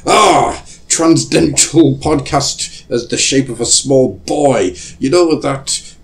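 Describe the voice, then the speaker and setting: A man putting on the voice of a loud old man calling out from a window with theatrical, old-fashioned exclamations. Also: mid-range voice, slow, pitched above the performer's own voice. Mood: hearty.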